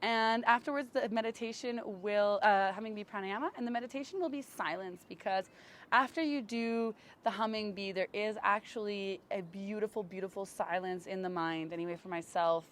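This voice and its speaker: A woman yoga teacher giving slow, gentle, soothing cues for poses and breathwork, recorded outdoors on a camera mic. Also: mid-range voice, a little hiss or hum. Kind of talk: guided yoga and breathwork instruction. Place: outdoors in bright sun.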